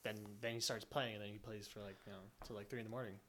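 A young man talking in a low-key way in a casual chat with friends, trailing off. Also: steady tone, rapid-fire, a bit bright.

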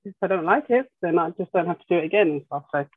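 A woman's voice: lowish voice, animated, fast talker, husky, no echo. A middle-aged grandmother and life coach chatting casually, telling family stories and laughing easily while mimicking relatives' voices. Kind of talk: casual podcast chat. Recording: tinny phone-like line.

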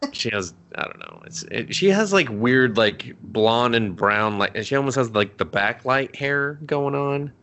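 A young man chatting on a podcast with a bright, animated voice that leaps up and down. He rambles, swears freely and laughs a lot as he recaps a show. He keeps the talk loose and casual. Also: measured pace, few pauses, a little hiss or hum. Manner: rambling, profane, laughs often, acts out characters in a high voice. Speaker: podcast co-host. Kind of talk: casual chat, recapping an anime episode.

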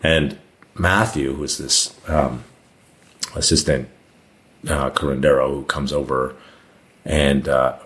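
A man's voice: extremely low pitch, fairly even intonation, slow pace, long pauses, a bit bright. A man as a podcast guest, telling a long personal story in a casual, rambling way with lots of "like" fillers.

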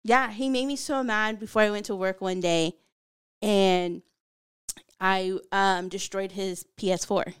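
A woman's voice: mid-range voice, a little slow, clean tone. A woman guest on a podcast, chatting casually and animatedly acting out what her family says. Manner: animated storyteller, acts out quotes. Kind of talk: casual chat.

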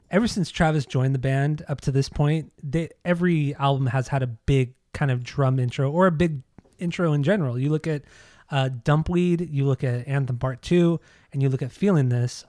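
An enthusiastic man co-hosting a laid-back music podcast. His voice sits a little high, and it is recorded close with a dry sound and no room echo. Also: warm tone. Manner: enthusiastic, sings snippets of lyrics, laughs often. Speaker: podcast co-host. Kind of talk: casual music chat.

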